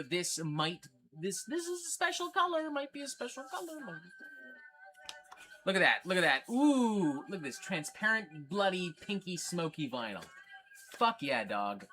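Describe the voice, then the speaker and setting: Male metal-stream host: blunt, swears constantly, bright, forceful voice. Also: fairly high pitch. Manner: profane, blunt and ranting; excitable while showing records. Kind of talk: livestream casual chat.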